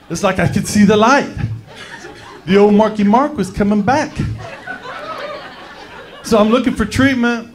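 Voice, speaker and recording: A man doing a crude, brash stand-up set on a comedy club stage, with an American accent, shouting his punchlines into a handheld mic. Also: sits high. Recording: live club recording with loud crowd and music. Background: audience laughter.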